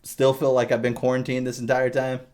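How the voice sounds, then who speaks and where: A young adult man chatting casually on a podcast, telling animated stories and swearing freely. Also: mid-range voice, brisk. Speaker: podcast co-host. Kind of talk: casual chat.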